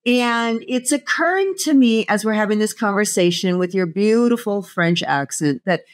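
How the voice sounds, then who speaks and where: A woman's voice: medium pitch, expressive, normal speed. Curious North American woman host. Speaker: podcast co-host. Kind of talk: interview questions.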